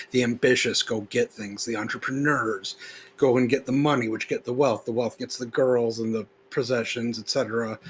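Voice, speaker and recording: A male podcast host with a mid-pitched voice and faint hiss under his recording. He reads lines with slow, weighty emphasis, then talks them over in loose, everyday language. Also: rough recording. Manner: slow, emphatic recitation when reading; loose, conversational, with fillers when explaining. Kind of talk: reading a text aloud, then casual commentary.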